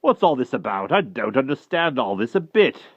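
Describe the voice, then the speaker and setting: A man voicing a blustering old country knight who talks in loud, hearty exclamations. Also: mid-range voice, sing-song, normal speed, breathy edge, no echo, dull audio, pitched above the performer's own voice. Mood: pleading.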